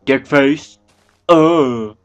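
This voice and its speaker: A man's voice: mid-range voice, drawn-out words, muffled recording, soft background music. A man giving casual let's-play commentary, rambling to himself and swearing freely. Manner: rambling, profane, talks to himself. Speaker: gameplay commentator.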